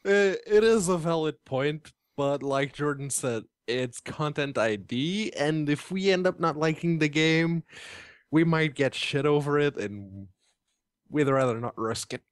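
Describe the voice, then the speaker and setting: Blunt, profane man, higher voice. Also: expressive, a little slow, clean tone, dry recording, clean studio sound. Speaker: podcast co-host. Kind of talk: casual banter podcast.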